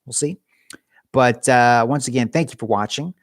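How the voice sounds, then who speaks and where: A man's voice: medium pitch, normal speed, no echo, clean studio sound. A man chatting on a casual livestream from his cold garage, rambling and joking at his own expense. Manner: rambling, jokey, self-mocking. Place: home garage.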